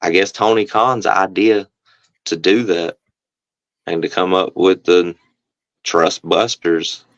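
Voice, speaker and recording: Deep-voiced wrestler telling stories. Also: male voice, slow pace, long pauses, no room sound, dull audio. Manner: relaxed storyteller, acts out the other voices in quotes. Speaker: professional wrestler, guest. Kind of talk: casual interview storytelling.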